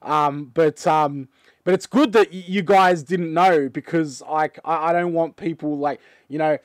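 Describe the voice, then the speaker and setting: An Australian man hosting his gaming channel, chatting casually with lots of fillers and excited outbursts. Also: fairly high pitch, unhurried, dry recording. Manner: rambling, filler-heavy and excitable. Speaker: channel host. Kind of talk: casual chat reacting to a game trailer.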